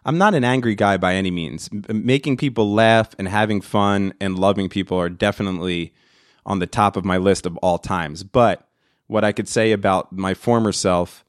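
Man, late thirties, podcast host, lower voice, profane, rambling comic rant, dry studio sound. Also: normal speed, no echo. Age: 30s. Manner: profane, rambling, mock-dramatic. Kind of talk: comedic rant.

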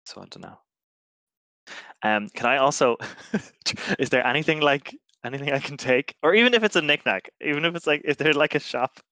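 A man's voice: fairly high pitch, expressive, moderate pace, pushed and bright, no echo. A man playing a tabletop game, rambling playfully with lots of fillers and joking asides. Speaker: player. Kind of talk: casual tabletop play.

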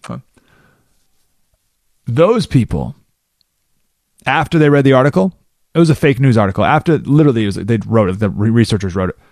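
A man's voice: medium pitch, brisk, long pauses, no echo, studio quality. A man hosting a radio talk show, explaining ideas in a monologue and acting out the people he quotes. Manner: animated, acts out quoted people.

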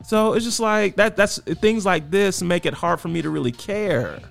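A man co-hosting a podcast in casual chat, emphatic and quick to laugh. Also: sits high, creaky, soft background music. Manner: animated, emphatic, laughs often. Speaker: podcast co-host.

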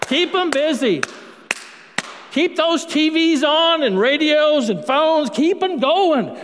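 A priest voicing Satan as a gloating, scheming tempter. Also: male voice, very high voice, animated, slow pace, a bit bright, pitched above the performer's own voice, exaggerated voice. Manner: gloating, raised. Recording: long hall reverb.

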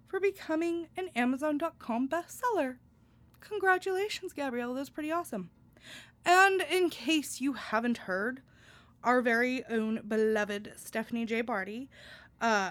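A woman's voice: sits high, fairly bright tone. A young woman hosting a podcast, reading announcements and chatting in an upbeat way with many fillers and restarts. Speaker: podcast host. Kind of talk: casual podcast chat with announcements.

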